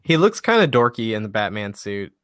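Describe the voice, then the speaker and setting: A man's voice: on the low side, sing-song, a little fast, a bit bright, clean tone. A man co-hosting a podcast in casual chat, laid-back and dry with small chuckles. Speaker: podcast co-host.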